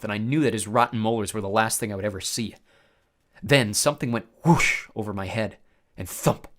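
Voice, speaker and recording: A man's voice: fairly low pitch, a little fast. A man reading a story aloud, narrating expressively in the first person.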